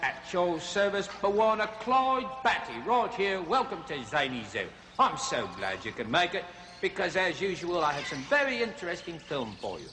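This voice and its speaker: An actor playing a fussy middle-aged jungle zoo host who exclaims a lot and talks in a chatty, overly polite comic manner. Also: male voice, high-pitched, big pitch swings, normal speed, bright, forceful tone, a little hiss or hum, exaggerated voice. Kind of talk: comic kids' TV hosting.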